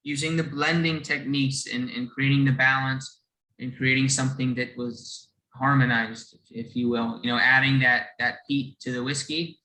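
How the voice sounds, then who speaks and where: Bright-voiced man explaining over a video call. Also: mid-range voice, little pitch movement, moderate pace, roomy sound, poor audio. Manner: earnest, restarts phrases, chuckles often. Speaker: whiskey brand presenter.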